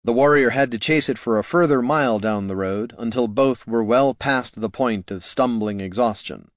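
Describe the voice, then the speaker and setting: A man narrating an audiobook in a wry, measured storytelling voice. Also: medium pitch, no echo, clean studio sound.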